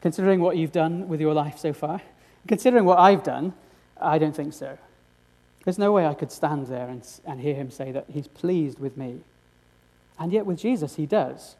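A man's voice: fairly high pitch, normal speed, a little mellow. A man preaching a sermon, earnest and direct, often asking his congregation rhetorical questions.

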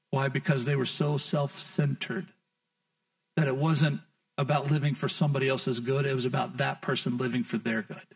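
High-voiced preaching pastor, off-mic. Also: male voice. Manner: repetitive stammering restarts, animated preaching. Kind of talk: sermon. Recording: voice from a distance.

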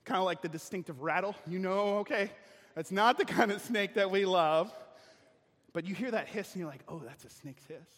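Animated pastor with a high, husky voice. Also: male voice, moderate pace. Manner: animated, acts out voices and sounds. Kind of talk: sermon with personal story. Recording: church hall reverb.

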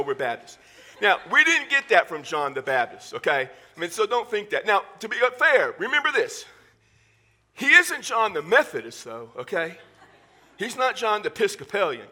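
A male pastor with a Southern Texas accent preaching a sermon in church, animated and full of joking asides. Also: high-pitched.

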